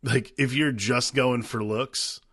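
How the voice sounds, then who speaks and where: Bright-voiced man, casual podcast chat. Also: medium pitch, takes it slowly, dry recording, clean studio sound. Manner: relaxed, swearing, agreeable. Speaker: podcast co-host.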